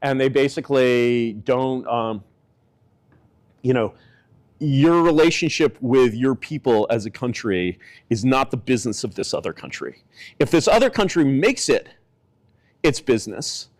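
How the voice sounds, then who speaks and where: A man rambles through casual political commentary, leaning on filler words while his pitch rises and falls for emphasis. He's expressive and keeps a measured pace.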